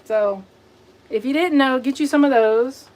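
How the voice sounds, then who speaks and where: A woman's voice: high-pitched, a little slow, a little mellow. A woman hosting a casual livestream, answering viewer comments and scolding rude ones. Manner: sassy, confronting chat commenters directly; talks to viewers as y'all and buddy. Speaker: livestream host.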